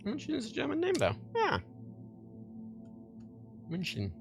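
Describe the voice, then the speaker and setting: A man's voice: very high voice, wildly swooping pitch, fairly quick, gravelly, long pauses, soft background music. A young man with a Liverpool accent, rambling and swearing casually on a livestream while reading chat, laughing often. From England.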